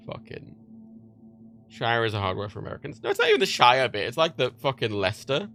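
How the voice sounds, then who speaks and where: A man's voice: mid-range voice, wildly swooping pitch, quick pace, bright, forceful tone, soft background music. A young man with a Liverpool accent, rambling and swearing casually on a livestream while reading chat, laughing often. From England.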